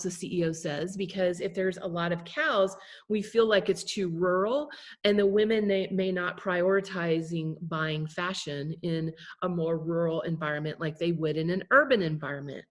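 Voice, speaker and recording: A woman presenting a class over a video call, telling a story conversationally and checking in with her listeners. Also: mid-range voice. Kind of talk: storytelling lesson.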